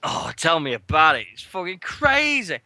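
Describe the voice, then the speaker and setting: A British man hosts a wrestling radio show, telling a swear-laden anecdote with lively energy. His voice is bright and a touch high. It sits close and dry on the mic. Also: moderate pace, no room sound. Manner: animated, swearing, shouting out quoted lines. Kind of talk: casual storytelling chat.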